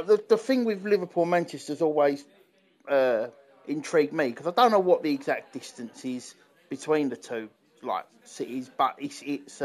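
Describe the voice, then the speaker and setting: A man co-hosting a podcast in casual chat, rambling with many restarts and fillers. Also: a little high. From England. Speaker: podcast co-host. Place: London.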